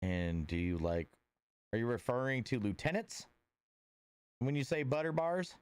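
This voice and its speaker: A man chats casually with his livestream viewers, rambling with plenty of filler words and greeting people by name in a laid-back, friendly way. His medium-pitched voice is expressive, clear and resonant, at a measured pace, and the recording is dry.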